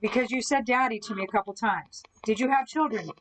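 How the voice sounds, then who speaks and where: Fairly high woman calling out to spirits. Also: fairly quick, low-quality recording. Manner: calls questions out to spirits, reads viewer comments aloud. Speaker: ghost hunter streaming live. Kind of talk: live-stream paranormal session. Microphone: device-heavy setup with a spirit box.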